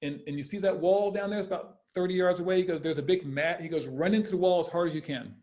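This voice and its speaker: A man's voice: high voice, fast, darkish tone, lo-fi sound. A man in his fifties, a former basketball player, telling stories on a podcast in a rambling way, with many restarts and laughs. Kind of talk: casual storytelling interview.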